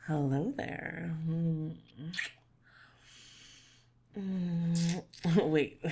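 Woman, young adult, whispered role-play, teasing, bossy, husky, unhurried. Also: fairly low pitch. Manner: teasing, playful and bossy, with soft laughs and murmurs. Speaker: audio role-play performer.

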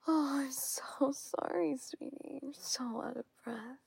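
A teasing, possessive aunt, as a woman acts her out in whispered role-play. The whisper is high and slow, drawn out almost to a crawl. A gravelly fry runs beneath the breath. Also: a little mellow, dry recording, heavily acted. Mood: soothing, possessive.

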